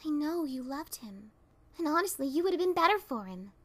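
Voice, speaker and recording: A woman's voice: sits high, big pitch swings, brisk, voice pushed up. A woman voicing a cheerful, sheepish adult mare who works as a mail carrier, in a fan reading of a pony story. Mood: apologetic.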